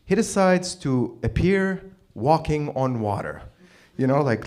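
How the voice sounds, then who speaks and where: A man doing an open mic stand-up set, telling a story in an animated, profane way with sudden yelled bursts. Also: fairly high pitch, a little slow. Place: small comedy venue stage.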